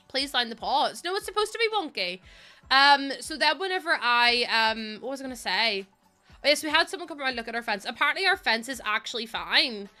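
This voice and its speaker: A young Northern Irish woman chatting away on a live stream, her voice bright and a touch higher than most. She rambles through asides and laughs a lot, with faint music playing behind her. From Northern Ireland. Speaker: game streamer. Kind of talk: casual live-stream chat, greeting viewers.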